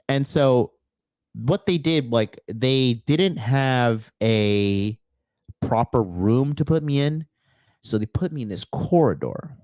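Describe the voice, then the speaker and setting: A man's voice: on the low side, darkish tone, dry recording, clean studio sound. A dating coach telling a personal story to his viewers in a profane, emphatic way. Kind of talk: casual storytelling monologue.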